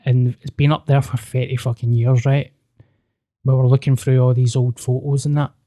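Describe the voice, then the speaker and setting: A man's voice: medium pitch, normal speed. Sweary man telling a story. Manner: sweary, animated, acts out quoted dialogue. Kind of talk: casual storytelling.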